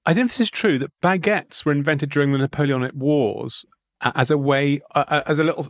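A man co-hosting a comedy podcast, spinning absurd deadpan riffs with many restarts. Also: a little high, fast talker, dry recording, studio quality. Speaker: podcast co-host. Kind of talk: comedic banter.

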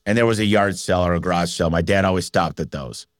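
Low-voiced man telling lively stories. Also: fast, no room sound, clean studio sound. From Michigan. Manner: energetic, animated storyteller who acts out quotes. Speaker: business owner guest. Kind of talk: casual storytelling interview.

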